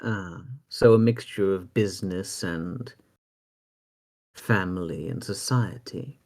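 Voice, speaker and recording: A man playing a curious, polite young woman who asks measured questions in a tabletop game. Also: sits low, darkish tone. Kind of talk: tabletop role-play.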